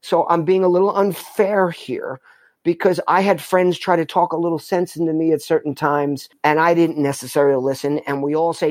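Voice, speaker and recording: A man's voice: on the high side, steady tone, normal speed, darkish tone, dry recording. A middle-aged man from New York, a podcast guest telling a personal story in a candid, emphatic way, often restarting his sentences. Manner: emphatic, self-interrupting, heartfelt.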